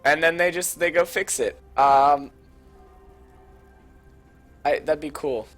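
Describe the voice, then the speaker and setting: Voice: medium pitch, slow pace, fairly bright tone. Young student caster, hesitant and rambling, filling dead air over faint music. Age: young adult. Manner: self-deprecating, rambling, hesitant. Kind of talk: casual rambling commentary during a pause.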